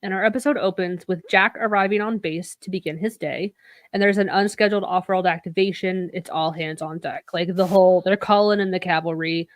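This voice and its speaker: A woman's voice: fairly low pitch, steady tone, a little fast, no echo. Chatty woman podcast co-host, dry sound. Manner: chatty, swears casually, acts out quoted lines. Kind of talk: casual recap chat.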